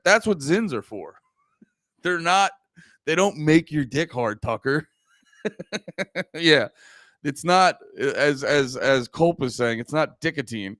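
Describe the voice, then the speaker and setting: A man hosting a comedy podcast, rambling crudely and jokingly, sometimes mocking people in a high put-on voice. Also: expressive, unhurried, a bit bright, clean tone, no echo, studio quality. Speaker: podcast host. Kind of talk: casual comedic podcast rant.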